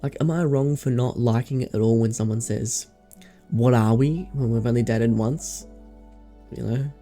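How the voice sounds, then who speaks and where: A man's voice: mid-range voice, steady tone, normal speed, warm tone, soft background music. A young man with an Australian accent chatting casually to camera in a vlog, rambling, slangy and sweary. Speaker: vlogger.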